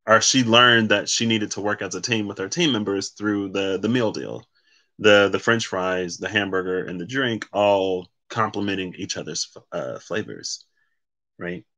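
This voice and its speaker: A man's voice: fairly low pitch, a little slow, bright, forceful tone. A man giving a casual solo card reading, rambling and correcting himself as he reads card meanings aloud. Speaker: tarot card reader.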